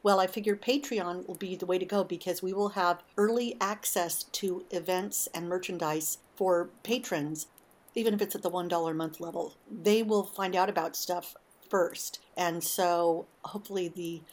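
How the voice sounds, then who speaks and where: A woman hosting a casual morning monologue, talking in an animated, emotional way with frequent asides. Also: lowish voice, moderate pace. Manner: warm, emotional, animated storytelling. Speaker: podcast host.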